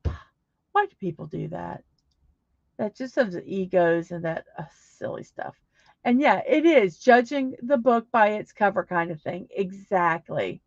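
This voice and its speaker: A woman's voice: mid-range voice, expressive, measured pace, no echo. Middle-aged female streamer, chatty and meandering, dry slightly muffled home mic. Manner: rambling, many fillers and restarts. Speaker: livestream host. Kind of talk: casual chat reading viewer comments.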